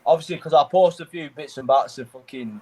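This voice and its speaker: A man's voice: on the high side, brisk, background noise. A man co-hosting a podcast, telling a rambling story in casual chat, full of fillers and swearing. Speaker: podcast co-host.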